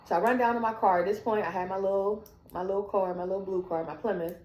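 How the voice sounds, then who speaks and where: A woman with a mid-range voice tells a story about her own family, animatedly acting out the quoted dialogue as she goes. She talks fast with few pauses, and the recording is echoey with a little hiss or hum.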